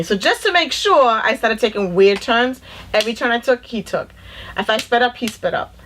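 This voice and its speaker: A middle-aged woman tells a personal story on a casual podcast. Her voice sits a little high, and she gets animated, switching voices for the people she quotes. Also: fairly quick, slight background noise. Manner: animated, acts out quoted dialogue. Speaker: podcast co-host.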